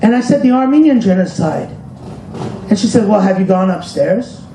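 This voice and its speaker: A man's voice: high-pitched, expressive, moderate pace, mellow, reverberant, a little hiss or hum, rough recording. A man telling a personal story in an emotional public speech, asking the audience rhetorical questions and pointing to pictures. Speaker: speaker at a commemoration event. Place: hall with an audience.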